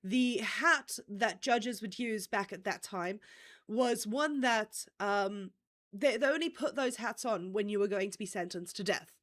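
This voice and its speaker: A woman's voice: mid-range voice, measured pace, fairly bright tone. A woman hosting a livestream, telling a true-crime story in a casual, chatty way, often checking in with "okay?" and swearing offhandedly. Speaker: stream host.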